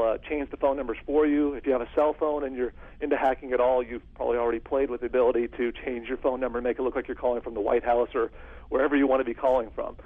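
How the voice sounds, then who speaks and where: A man working as a security consultant, telling stories in an interview in an animated way and acting out phone calls. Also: mid-range voice, slightly rough. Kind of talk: storytelling interview answer. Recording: phone-like lo-fi audio.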